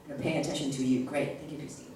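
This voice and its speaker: A woman's voice: a bass voice, steady tone, fast, a little mellow, a little hiss or hum. A woman leading a workshop for teachers, acting out classroom phrases and often checking in with "okay?". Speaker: teacher trainer. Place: large echoey classroom. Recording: echoey room recorded from far off.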